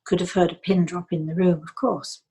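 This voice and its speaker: An older woman from England, a psychic medium telling a story in a soft, slow way that dips into near whispers. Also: on the low side, flat delivery, slightly rough, poor audio.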